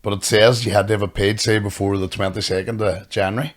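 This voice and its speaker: A man's voice: lowish voice, little pitch movement, quick pace. A man with a Northern Irish accent, co-hosting a podcast with blunt, sweary banter. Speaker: podcast co-host. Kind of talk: casual banter.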